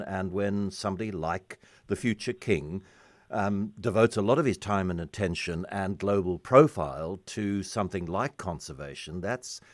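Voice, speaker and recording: An older man hosts a radio chat, his voice sitting low and deep. He talks in a chatty, joking way, often stumbling and restarting. The studio sound is dry and close. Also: dry recording. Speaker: radio host. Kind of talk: casual radio interview.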